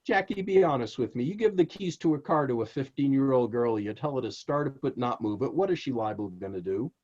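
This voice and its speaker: Animated male storyteller, muffled audio. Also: mid-range voice, brisk. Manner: animated, emphatic storyteller who addresses the host directly. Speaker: author guest. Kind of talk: interview storytelling.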